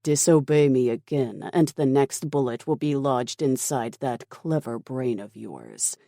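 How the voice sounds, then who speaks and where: An audiobook narrator voicing a ruthless male military commander who speaks coldly and dismissively, with quiet menace. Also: medium pitch, expressive, measured pace, gravelly, no room sound, clean studio sound. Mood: menacing.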